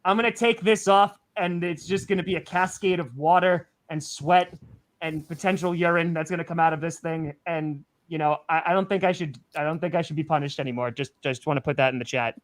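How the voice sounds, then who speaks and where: A breathless man with a high, light voice hosts a loose sports chat while sweating inside a costume. He stumbles through restarts and pokes fun at himself. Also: fairly quick. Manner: rambling, self-mocking, stammering restarts. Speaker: podcast host.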